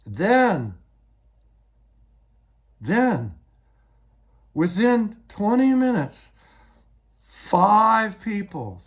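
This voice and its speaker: An older man giving a rambling, agitated personal account, often repeating words as he retells events. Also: high-pitched.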